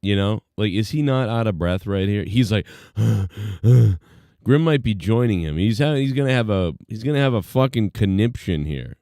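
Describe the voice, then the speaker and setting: A man with a low, warm voice talks loosely over a live stream, rambling and trailing off with ums and uhs. His voice comes through smooth and close, with no room sound around it. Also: expressive, a little fast, hardly any pauses, no room sound. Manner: laid-back, rambling, full of fillers. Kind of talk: casual live-stream commentary.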